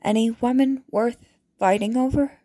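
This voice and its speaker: A woman's voice: a little high, fairly even intonation, normal speed, no echo, clean studio sound, natural voice. Woman reading as a cool, cunning noblewoman. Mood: coaxing. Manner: soft, controlled and persuasive. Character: composed, cunning noblewoman mother.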